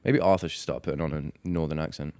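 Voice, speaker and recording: A man's voice: very deep voice, steady tone, quick pace, darkish tone, no room sound, clean studio sound. A man from England co-hosting a podcast, swearing freely and laughing in playful casual chat. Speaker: podcast co-host.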